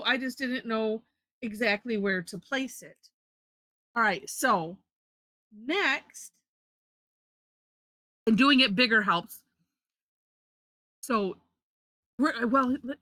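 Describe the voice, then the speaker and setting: A woman's voice: a little high, pushed and bright, dry recording. A woman leading a live drawing lesson, chatty, correcting herself and laughing often. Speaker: drawing instructor.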